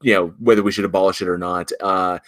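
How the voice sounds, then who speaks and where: A man's voice: deep voice, quick pace, no room sound. A man hosting a live online talk show in casual chat, telling stories and acting out what people said. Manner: animated storyteller, acts out quotes.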